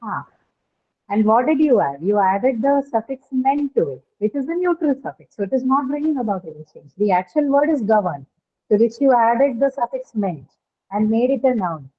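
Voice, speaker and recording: A woman's voice: on the high side, very animated, normal speed. A woman with an Indian English accent teaching an online class, explaining step by step and checking understanding. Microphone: video call. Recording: tinny phone-like line.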